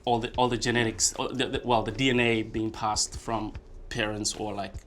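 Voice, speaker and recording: Man, halting speech, monotone, lowish voice, music behind. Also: a little hiss or hum. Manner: halting, many fillers and restarts. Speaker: podcast co-host. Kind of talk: casual discussion.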